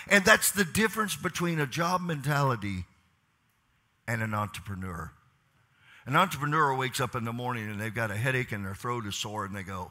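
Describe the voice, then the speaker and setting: A middle-aged man giving a leadership talk in church as a pastor, asking the crowd questions and moving between quiet asides and loud urging. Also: mid-range voice, animated, a little fast.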